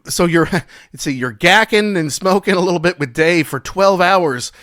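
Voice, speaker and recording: A man's voice: sits high, moderate pace, fairly bright tone, dry recording, clean studio sound. A man hosting a podcast interview who asks joking, enthusiastic questions and praises his guest. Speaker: podcast host. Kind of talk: casual interview chat.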